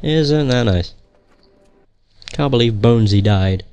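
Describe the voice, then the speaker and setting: A man's voice: on the low side, a little slow, a little mellow, clean tone, no echo. A young man giving casual gameplay commentary in a joking, profane, sarcastic way.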